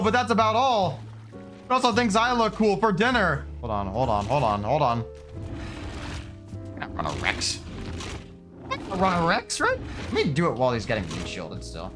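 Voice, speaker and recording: A young man narrating his survival game run and reacting excitedly and sarcastically, swearing often. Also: on the high side, normal speed, soft background music. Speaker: gaming video creator. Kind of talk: game commentary with scripted narration.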